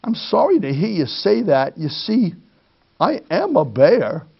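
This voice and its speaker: A man's voice: high voice, very animated, a little slow, creaky, slightly rough, lo-fi sound, full character voice. A man voicing a sleepy, confused bear who stammers politely as he insists on what he is. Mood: pleading. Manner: stammering, pleading.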